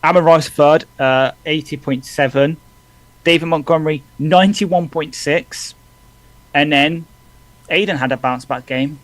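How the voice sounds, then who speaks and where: A man's voice: fairly high pitch, poor audio. A man co-hosting a live football watch-along, chatting casually and reading out player ratings. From England. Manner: quick, reads stats off in bursts. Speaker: podcast co-host. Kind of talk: casual live sports chat.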